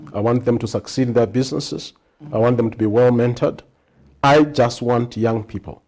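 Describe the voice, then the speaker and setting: A man in his fifties from Zambia talks as a guest on a television interview. His voice sits at a middle pitch, and he speaks earnestly, stacking lists and tripping over the first words of his answers. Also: darkish tone. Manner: earnest, repetitive lists, stammering starts. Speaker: economist and TV guest.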